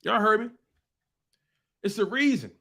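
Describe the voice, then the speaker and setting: A man hosting a sports talk show, ranting in a casual, animated way and repeating phrases for emphasis. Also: high-pitched, unhurried.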